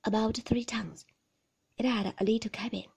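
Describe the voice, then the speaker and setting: A woman reading the part of a reserved, uneasy man who answers quietly and reluctantly in a storybook reading. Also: on the high side, steady tone, normal speed, vocal fry, slightly rough, exaggerated voice.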